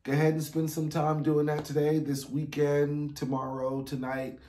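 A man's voice: fairly high pitch, completely flat delivery, moderate pace, warm tone, roomy sound. A man teaching a beginner music theory lesson online, upbeat and encouraging as he counts beats aloud for his students to clap along.

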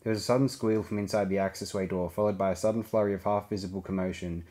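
A man reading a science fiction audiobook aloud, giving the characters' lines small shifts in pitch and volume. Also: fairly even intonation, quick pace, warm tone. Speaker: audiobook reader. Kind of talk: scripted narration.

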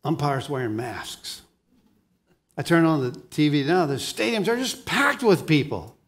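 A pastor preaching a sermon, moving between hushed lines and emphatic ones and often repeating words as he starts a thought. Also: on the high side, very animated, measured pace.

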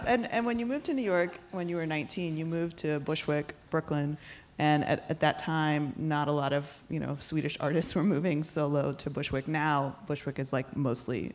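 A woman reporter interviewing a singer on stage, asking curious follow-up questions with light laughs. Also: low voice. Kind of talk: onstage interview.

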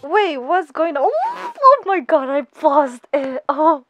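A young woman gushing and squealing through an excited reaction vlog, full of giggles and fangirl exclamations. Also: high-pitched, slow, highs cut off, soft background music. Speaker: anime vlogger.

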